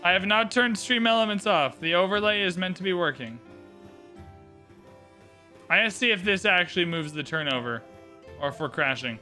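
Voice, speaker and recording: A man commentating a live game stream, excitable and theatrical, swinging from shouts to mumbled asides. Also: sits high, normal speed, pauses often, soft background music. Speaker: livestream host commentating an AI game tournament.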